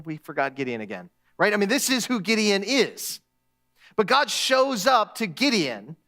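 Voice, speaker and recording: A man's voice: on the high side, fairly bright tone. A man preaching a sermon as a guest speaker, in a conversational way, acting out the lines he quotes with humor.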